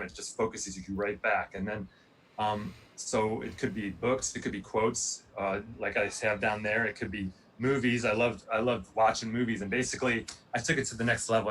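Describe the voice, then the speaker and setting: A man in his forties, a former Olympic pole vaulter, giving a casual motivational talk in a rambling, animated storytelling way with lots of fillers. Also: lowish voice. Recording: distant mic, faint room noise.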